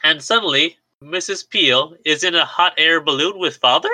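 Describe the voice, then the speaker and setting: Bright-voiced man recapping a movie. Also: fairly high pitch, moderate pace, no echo, low-quality recording. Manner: rambling recap with fillers like "like". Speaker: podcast co-host. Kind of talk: casual movie recap chat.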